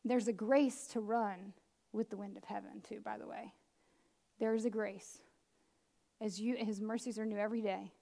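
A woman preacher giving a lively, chatty sermon with self-deprecating asides. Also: medium pitch, moderate pace, gravelly, long pauses. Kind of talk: conversational sermon.

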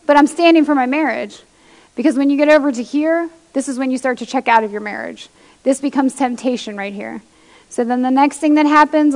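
A pastor's wife gives an animated testimony sermon to women, acting out quoted voices as she tells her stories. Her voice sits high, and the recording has a long hall reverb.

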